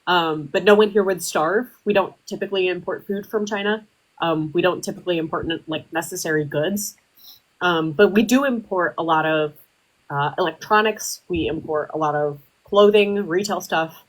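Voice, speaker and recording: A woman's voice: on the low side, normal speed, poor audio. A woman hosting a livestream, arguing politics casually with many ums and likes. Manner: rambling with many fillers. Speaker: livestream host.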